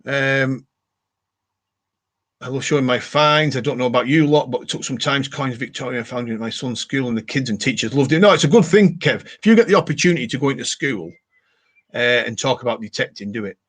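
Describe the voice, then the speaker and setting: A man's voice: medium pitch, fairly quick, fairly bright tone. A British man hosting a casual live detecting talk stream, chatting and reading viewer comments aloud. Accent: British English. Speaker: livestream host.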